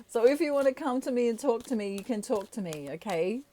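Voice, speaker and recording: A woman's voice: fairly high pitch, dark tone, slight background noise. A woman chatting playfully through a tarot reading, laughing often as she talks. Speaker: tarot reader. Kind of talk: casual tarot reading monologue.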